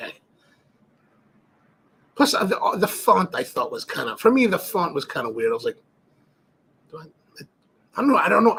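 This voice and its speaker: A middle-aged man hosts a casual live stream, talking loosely and circling back on himself as he tells a story. His voice is gravelly and a little husky, and his pitch sits on the high side with lots of rise and fall. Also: a bit bright. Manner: rambling, storytelling, frequent restarts and fillers. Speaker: cigar livestream host. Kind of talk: casual live-stream chat reading viewer comments.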